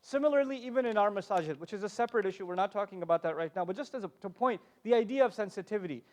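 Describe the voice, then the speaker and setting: A man's voice: high voice, expressive, very fast, a little mellow. A man speaking on a convention panel, giving a passionate, emphatic talk with joking asides.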